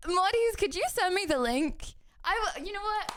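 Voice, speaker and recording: A woman's voice: very high-pitched, expressive, normal speed, hardly any pauses, a bit bright. A young adult woman livestreamer chatting casually, giggling and teasing herself as she reads questions aloud and answers them. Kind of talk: casual live-stream chat.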